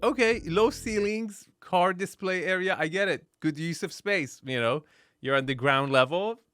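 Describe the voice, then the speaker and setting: A man's voice: sits high, normal speed, fairly bright tone, no echo, studio quality, soft background music. A man reacting to a property video with casual, wry commentary, laughing often and restarting his sentences.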